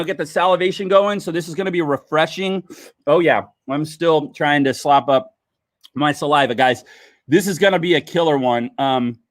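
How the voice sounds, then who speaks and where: A man's voice: fairly high pitch, fairly bright tone, no room sound, studio quality. A man hosting a casual livestream wine tasting, chatting upbeat with viewers. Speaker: livestream host.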